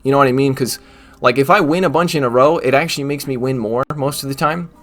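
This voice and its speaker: A man's voice: mid-range voice, fast, a bit bright, faint music behind. Joking man doing gameplay commentary. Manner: joking, mock trash talk at the game. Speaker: gaming YouTuber. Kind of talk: casual live gameplay commentary.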